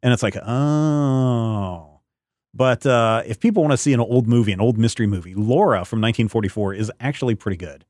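A man hosting a podcast in casual chat, rambling and halting with many fillers. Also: lowish voice, a little mellow, dry recording, clean studio sound. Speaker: podcast host.

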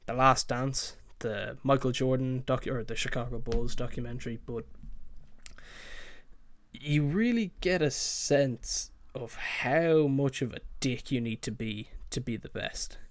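A man's voice: mid-range voice, unhurried. A man hosting his own podcast, rambling casually with lots of fillers and swearing. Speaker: podcast host. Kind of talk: casual solo podcast chat.

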